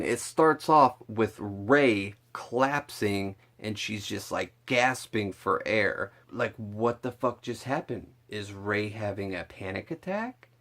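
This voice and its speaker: Low-voiced, excitable, swearing young vlogger man. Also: vocal fry. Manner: excitable, rambling and profane, with lots of "like". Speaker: vlogger reviewing a film trailer. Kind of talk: casual chat to camera.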